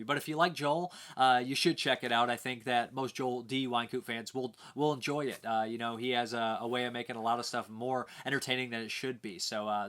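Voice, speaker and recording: A man's voice: mid-range voice, a bit bright. A man casually reviewing home video releases, rambling with lots of filler words. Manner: rambling, many "uh" fillers, easygoing.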